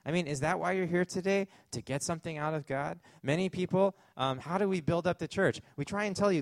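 Canadian guy preaching casually, kinda gravelly, lots of ums, dry sound. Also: fairly high pitch, brisk, few pauses, dry recording. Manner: conversational preaching with asides and fillers. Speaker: pastor. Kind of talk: sermon.

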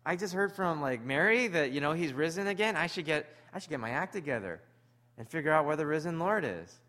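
A man's voice: a little high, expressive, brisk, bright, forceful tone, pitched above the performer's own voice. A man doing Peter, a fretful fisherman. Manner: rambling, self-questioning. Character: Peter, a restless grown fisherman talking to himself.

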